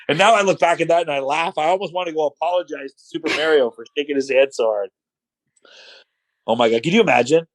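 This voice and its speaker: Animated man telling backstage stories. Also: on the high side, a little fast, no room sound, poor audio. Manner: animated, acts out quotes. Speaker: podcast guest. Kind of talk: casual storytelling.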